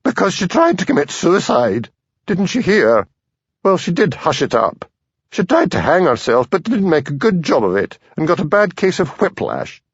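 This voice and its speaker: A booming, overbearing minister's wife in an audiobook, put on by a male narrator. She speaks high and forceful, with a lively, bossy lilt. The sound is dull and dry, like a lo-fi recording. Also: normal speed, breathy edge, no room sound, full character voice. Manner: bossy, hectoring.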